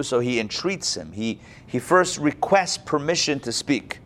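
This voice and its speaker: A man's voice: mid-range voice, sing-song, unhurried, fairly bright tone. Chatty male Bible teacher. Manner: conversational, with many restarts. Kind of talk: casual Bible class.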